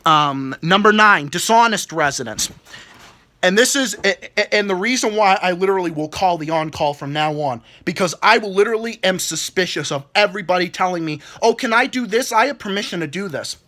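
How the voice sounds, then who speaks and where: Twenty-something guy venting hard about work, cursing every other word, pretty high voice. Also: expressive, fairly quick, sharp tone. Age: 20s. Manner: swears constantly, repeats words, mimics people in quotes. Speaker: vlogger. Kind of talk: angry rant.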